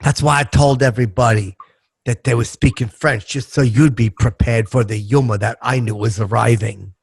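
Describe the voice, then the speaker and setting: A man's voice: mid-range voice, fairly even intonation, normal speed, no room sound. A middle-aged man hosting a comedy podcast, telling a long rambling joke in a crude manner and losing his place. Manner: gravelly, crude, loses track of jokes. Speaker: podcast host.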